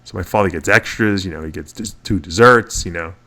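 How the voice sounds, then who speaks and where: A man's voice: low voice, a little fast, bright, forceful tone. A middle-aged man co-hosting a casual talk show, telling long rambling stories with many restarts. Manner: rambling, restarts often, chuckles through stories. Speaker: podcast co-host. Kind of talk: casual storytelling chat.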